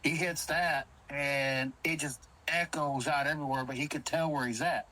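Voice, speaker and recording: A man tells a ghost story in an animated, casual way. His voice sits a bit high for a man. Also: normal speed, a crowd in the background, rough recording. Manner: animated, Southern-inflected storytelling with quoted dialogue. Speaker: caller telling an encounter.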